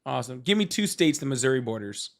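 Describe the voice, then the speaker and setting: A man hosting a live call-in talk show, teasing callers with quick, casual jokes. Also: mid-range voice, sing-song, gravelly. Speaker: host.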